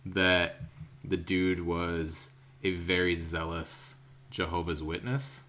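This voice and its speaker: A man's voice: low-pitched, steady tone, slow, bright, forceful tone. A young American man on a podcast, telling a rambling travel story in a casual way, with lots of fillers and laughter. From United States. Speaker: podcast co-host.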